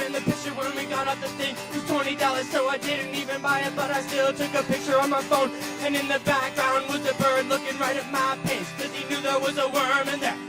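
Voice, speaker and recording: A man's voice: very high voice, monotone, fairly quick, hardly any pauses, rough recording. A man performing an absurd comedy song at a live open mic, half-singing and half-telling a silly story. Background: strummed acoustic guitar.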